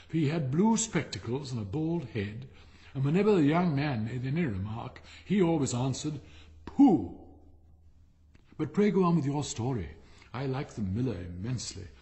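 A man's voice: medium pitch, lively intonation, normal speed, a little mellow, natural voice. A man voicing a vain, self-important water rat with a pompous, know-it-all manner.

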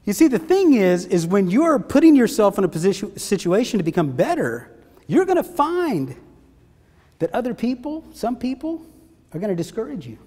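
A man with a strikingly high voice delivers a motivational seminar, his pitch leaping up and down as he speaks. He talks with energy and throws questions out to the room. A long reverb trails every word. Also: normal speed. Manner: energetic, asks the audience questions.

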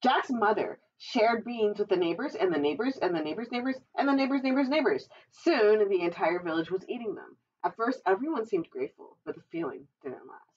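A librarian reading a children's storybook aloud, adding chatty, giggly asides. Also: female voice, medium pitch, animated, fairly quick, hardly any pauses, darkish tone, slightly rough. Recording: dull, distant recording.

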